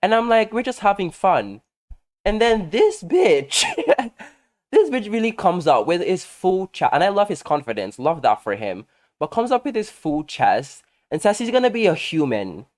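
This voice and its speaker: A man talking casually over his gameplay, telling gossipy stories in a sassy, animated way and laughing often. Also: high voice, moderate pace. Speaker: game content creator.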